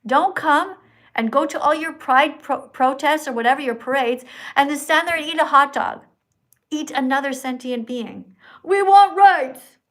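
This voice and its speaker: High-pitched woman ranting on a livestream. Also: moderate pace, pushed and bright. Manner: preachy, scolding, mocking. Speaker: livestream host.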